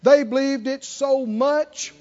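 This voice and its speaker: A man preaching a sermon with animated emphasis, often asking the congregation questions. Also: very high-pitched, takes it slowly. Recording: dull lo-fi recording.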